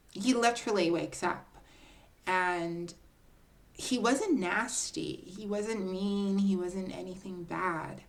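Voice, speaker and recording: A woman sits down for a casual storytime, taking her time with every word in a slightly low, relaxed voice. She is confiding and dramatic, calling her listeners "girl" and pausing to build the moment. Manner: chatty, confiding, keeps addressing listeners as "girl"; dramatic storytelling with pauses and restarts. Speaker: vlogger telling a personal story.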